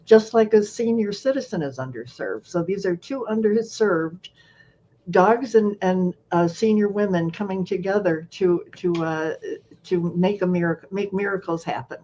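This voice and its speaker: A woman's voice: on the low side, moderate pace, mellow, highs cut off. A woman hosting a show over a video call, talking earnestly and repeating her words as she thinks. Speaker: host. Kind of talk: casual chat on a video call.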